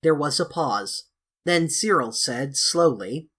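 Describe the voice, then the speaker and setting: A woman narrating a children's classic in a measured, expressive way. Her voice is low and breathy, with an unhurried pace. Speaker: audiobook reader. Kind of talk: storybook narration.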